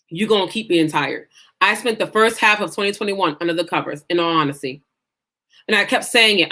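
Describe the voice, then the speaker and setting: Bright-voiced woman coaching with preacher-like emphasis. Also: medium pitch, lively intonation, brisk. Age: adult mother. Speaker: life coach. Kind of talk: live-streamed coaching lesson.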